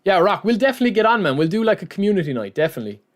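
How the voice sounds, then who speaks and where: A man's voice: sits high, very animated, racing. A man live-streaming, chatting casually to his viewers and often calling them lads and man.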